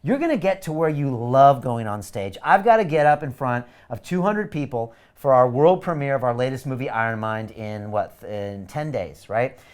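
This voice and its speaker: A man's voice: mid-range voice, normal speed, hardly any pauses, smooth. A man hosting a live webinar, pushing viewers hard and emphatically to sign up for a course. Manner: energetic, urgent, pushy and emphatic. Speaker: webinar host selling a course. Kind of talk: live webinar sales pitch.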